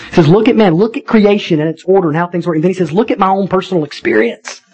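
A man preaching a sermon in a conversational, animated way, with wry asides to the congregation. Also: sits high, quick pace, husky, poor audio. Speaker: pastor.

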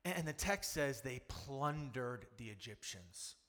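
Bright-voiced man preaching in a hall. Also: mid-range voice, animated, a little slow. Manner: emphatic preaching with rhetorical questions and repetition. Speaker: pastor. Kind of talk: sermon.

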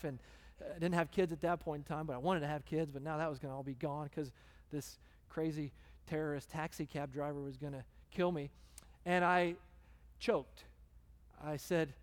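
Preacher telling a story. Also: male voice, on the high side, normal speed. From Texas. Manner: conversational, animated storyteller. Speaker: guest preacher. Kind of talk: sermon storytelling. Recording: long hall reverb.

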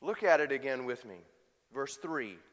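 A man's voice: medium pitch, lively intonation, moderate pace, in a large hall. A man preaching a sermon and putting rhetorical questions to his congregation. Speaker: pastor.

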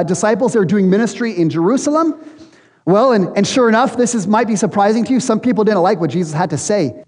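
A man's voice: sits high, darkish tone. A man preaching a sermon as pastor to a church congregation, in an earnest, conversational way. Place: church hall. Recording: long hall reverb.

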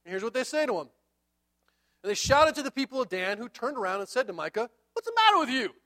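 Man, high voice, pastor, animated sermon storytelling. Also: quick pace. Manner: animated storytelling, acts out the characters.

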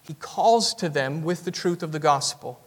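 A man's voice: on the high side, animated, moderate pace. A man with a Southern US accent, a pastor preaching an earnest expository sermon in a church sanctuary. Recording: reverberant church hall.

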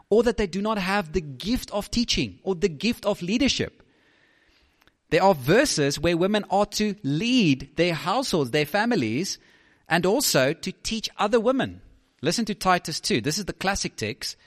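A man's voice: fairly high pitch, a bit bright, in a large hall. A man preaching a sermon as a pastor, emphatic, often putting questions to the listeners.

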